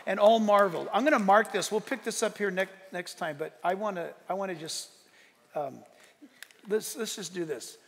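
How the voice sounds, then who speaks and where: A man preaching a sermon as pastor, animated and conversational, telling stories with bursts of shouting. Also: high voice, normal speed, vocal fry. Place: church sanctuary. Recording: long reverb of a church sanctuary.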